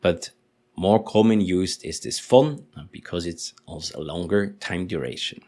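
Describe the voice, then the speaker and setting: A man teaching in English, explaining patiently and slowly repeating example sentences. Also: sits low, mellow. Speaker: German teacher. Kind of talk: language lesson explanation.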